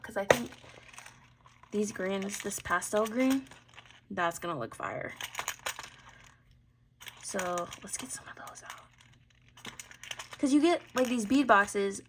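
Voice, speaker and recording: A woman chatting casually through a bead necklace tutorial as she works at her desk mic, thinking aloud and trailing off into soft mutters. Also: mid-range voice, gravelly, noisy background. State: has the hiccups. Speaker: jewelry-making channel host. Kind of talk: casual craft tutorial chat.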